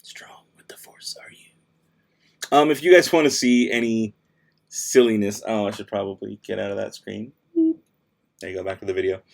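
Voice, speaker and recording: A man's voice: lowish voice, very animated, moderate pace, vocal fry. A man casually chatting on a late-night livestream at home, reading out viewer questions and answering with offhand sass. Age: adult with kids. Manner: offhand and sassy, answering chat between tasks. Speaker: livestream host.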